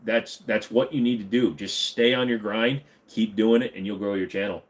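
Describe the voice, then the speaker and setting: A man's voice: lowish voice, fairly even intonation, normal speed. A man hosting a casual livestream from his home computer room, reading chat questions aloud and answering them in a rambling, joking way.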